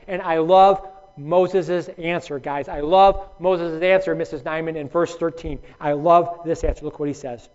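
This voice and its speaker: A man's voice: high-pitched, normal speed. A man teaching a Bible study, reading scripture aloud and speaking emphatically to his listeners by name. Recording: dull lo-fi recording.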